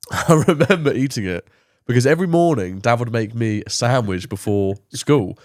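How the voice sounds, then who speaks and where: A man's voice: medium pitch, lively intonation, normal speed, darkish tone, no room sound, studio quality. A young man co-hosting a podcast, telling a rambling anecdote with laughs in a casual chat. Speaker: podcast co-host, son.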